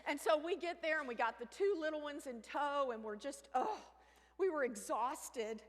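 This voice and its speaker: Animated woman telling a comic story. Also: high-pitched, normal speed. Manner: animated, shifts into loud shrieks and hushed asides. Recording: reverberant hall with faint ambience.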